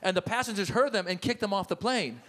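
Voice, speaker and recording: Brief: middle-aged Iranian-born stand-up comic, bright, forceful voice, slightly high, club mic with faint noise. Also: male voice, quick pace. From Iran. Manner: animated, jumps into loud put-on voices and mock accents. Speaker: stand-up comedian. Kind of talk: stand-up set with crowd work. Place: comedy club stage.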